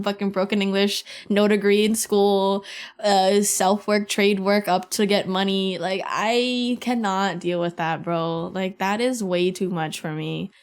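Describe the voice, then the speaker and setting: A woman in her twenties hosting a podcast, chatting casually with profane, slangy banter and frequent laughter. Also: medium pitch. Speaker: podcast host. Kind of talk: casual chat.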